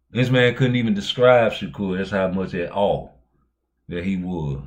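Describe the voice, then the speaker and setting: Slangy, profane talk-show host, lower voice. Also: male voice, fairly bright tone. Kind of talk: casual chat.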